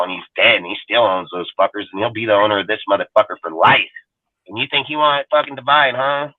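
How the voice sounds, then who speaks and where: A man hosting a fan talk show, ranting heatedly with constant profanity and repetition, his voice jumping loud and high when angry. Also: no room sound. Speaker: show host. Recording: tinny phone-like line, dry.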